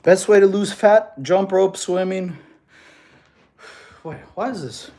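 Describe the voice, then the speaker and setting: Laid-back, higher-voiced male fitness streamer. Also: slow, dark tone. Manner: laid-back, laughs often, answers chat questions. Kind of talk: casual livestream chat. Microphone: camera on a tripod.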